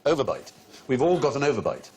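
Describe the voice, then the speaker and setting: A middle-aged man hosts a comedy quiz show with witty panel-show flair, explaining odd facts with relish. He is lively and erudite and laughs often, talking fast at a medium pitch.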